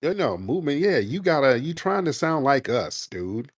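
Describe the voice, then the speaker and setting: Homem zombeteiro e combativo, som seco. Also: male voice, medium pitch, sing-song, moderate pace, slightly rough, dry recording, studio quality. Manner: mocking, combative, talks over caller. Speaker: host taking callers. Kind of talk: heated call-in debate.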